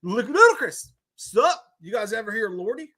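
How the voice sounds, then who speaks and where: A man's voice: high-pitched, very animated, normal speed, sharp tone. A man co-hosting a casual movie livestream, teasing, sarcastic and reading chat messages aloud. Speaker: podcast co-host.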